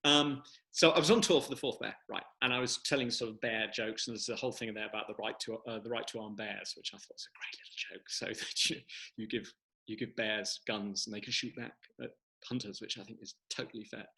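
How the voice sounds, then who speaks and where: A man speaks over a video call with a bright, forceful tone. His talk is casual and rambling, full of restarts, as he tells jokes at his own book launch. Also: fairly low pitch, fairly even intonation, fairly quick, vocal fry, poor audio. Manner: chatty, rambling joke-teller. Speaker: author.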